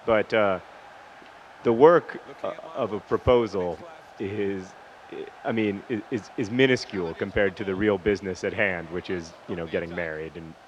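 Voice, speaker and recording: Low-voiced man rambling over gameplay. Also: moderate pace. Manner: rambling, breaks off mid-story to comment on the match. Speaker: gaming video host. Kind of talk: casual storytelling over game commentary. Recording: dull lo-fi recording, faint hiss.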